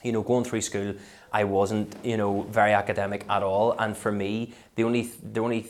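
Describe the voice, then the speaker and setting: A man with a Belfast accent, a comedian chatting as a podcast guest and telling stories in a lively way. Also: on the low side, brisk. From West Belfast, Northern Ireland. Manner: lively storyteller who slips into voices. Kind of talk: casual interview chat.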